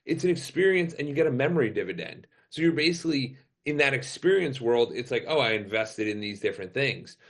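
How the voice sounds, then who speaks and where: A man's voice: medium pitch, animated, brisk, few pauses. A man hosting a podcast, asking long, rambling questions in a casual, conversational way. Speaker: podcast host. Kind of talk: casual interview chat. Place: remote call.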